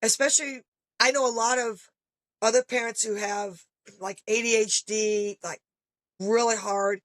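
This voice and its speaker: A middle-aged mother appears as a guest on a podcast, chatting casually and animatedly and acting out the voices of people she quotes. Her voice is mid-range, and there's no echo.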